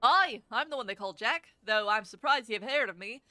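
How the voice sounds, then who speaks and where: A woman's voice: fairly high pitch, expressive, moderate pace, sharp tone, no room sound. A woman voicing a swaggering male rogue guildmaster, reading game dialogue aloud in a thick put-on Scottish-style accent. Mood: sly.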